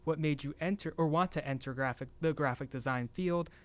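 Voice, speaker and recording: A young adult man hosting a casual podcast interview, relaxed and encouraging toward his guest. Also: fairly high pitch, fairly quick. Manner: relaxed, encouraging, with frequent murmured agreement. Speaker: podcast host.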